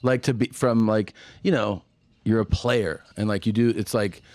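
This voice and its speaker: A man's voice: fairly low pitch, fairly even intonation, normal speed, darkish tone, no room sound. A man in casual podcast chat, asking curious questions.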